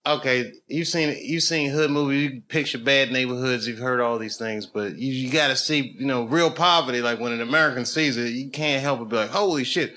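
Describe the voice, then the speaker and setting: A middle-aged man doing stand-up storytelling on stage, loose and conversational, building to loud excited bursts. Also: medium pitch, brisk, hardly any pauses. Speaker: stand-up comedian. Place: comedy stage with live audience. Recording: noisy live show recording. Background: audience laughter.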